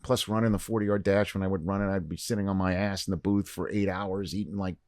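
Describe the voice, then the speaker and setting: A man on a podcast as a guest, telling a long story in casual chat and acting out the quoted lines with lively shifts. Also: low voice, fast, no room sound, studio quality. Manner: animated storyteller, acts out quoted dialogue. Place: podcast studio.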